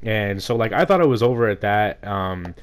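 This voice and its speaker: A young man telling a frustrating story in a rambling, casual way, his voice rough from being sick. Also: on the low side, lively intonation, normal speed. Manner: rambling, heavy use of "like", frustrated. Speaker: gaming vlogger. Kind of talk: casual storytime rant over gameplay.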